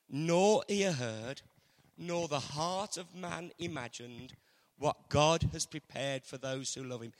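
A man preaching a sermon earnestly, moving between loud emphasis and hushed, intimate passages. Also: a little high. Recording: long hall reverb.

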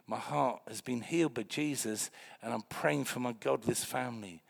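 Gravelly, animated male preacher. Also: medium pitch, moderate pace. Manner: animated, swings from quiet to loud. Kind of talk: sermon with storytelling.

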